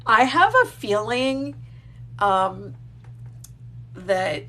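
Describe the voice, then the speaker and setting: A woman's voice: mid-range voice, expressive, very slow, sharp tone. A woman hosting a casual livestream, chatting and gushing as she reads viewer comments aloud. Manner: chatty and gushing, with frequent fillers. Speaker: crochet designer hosting a livestream. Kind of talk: casual live-stream chat, reading viewer comments aloud.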